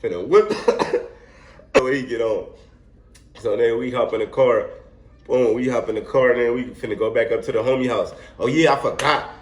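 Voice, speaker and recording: A young man telling a wild story in a casual, animated, slangy way, laughing often. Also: medium pitch, moderate pace. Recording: echoey room.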